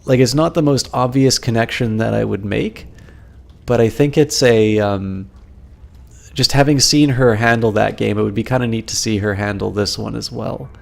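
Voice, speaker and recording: A man's voice: on the low side, normal speed, creaky. A man streaming a game live, chatting to viewers with many ums and restarts while he plays. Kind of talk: casual live-stream commentary.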